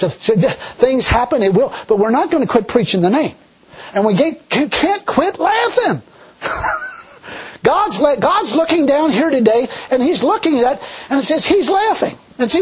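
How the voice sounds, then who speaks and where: A middle-aged man preaching a sermon in a folksy, animated way, laughing often. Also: very high voice, husky, low-quality recording.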